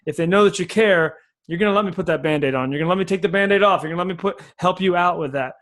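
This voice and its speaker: A man speaking as a sales coach on a podcast, explaining his method in an energetic, folksy way and repeating key phrases. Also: high-pitched, very fast.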